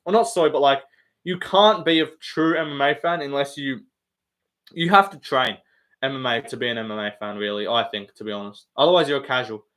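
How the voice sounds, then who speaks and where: A man's voice: mid-range voice, a little fast, fairly bright tone. A man hosting a casual live stream, bantering with the chat, swearing often and laughing.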